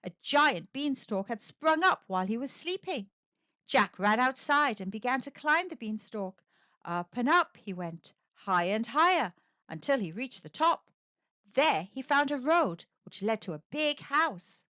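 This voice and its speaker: A woman reading a picture book aloud to children, narrating with expressive, animated storytelling. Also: fairly high pitch, unhurried, no room sound, lo-fi sound. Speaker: storyteller, channel host.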